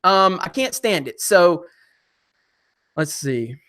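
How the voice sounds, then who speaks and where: A young man hosts a casual live stream, reading out viewer comments and joking back at them. His voice sits a touch high and sounds bright and forward. His delivery is animated, full of quick asides to chat.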